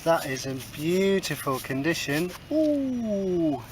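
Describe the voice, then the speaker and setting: Very animated yet slow, a metal detecting vlogger gives a casual running commentary on his finds in a field, chatty and cheeky with plenty of asides and frequent "moving on"s. His voice sits slightly high, and outdoor noise is clearly audible behind him.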